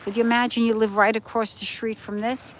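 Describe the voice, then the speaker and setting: A woman's voice: fairly high pitch, level tone, brisk, low-quality recording. A middle-aged woman chatting casually to livestream viewers on her phone while walking her dog by the ocean at night. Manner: chatty, points things out to viewers. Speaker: livestream host. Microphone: phone held while walking.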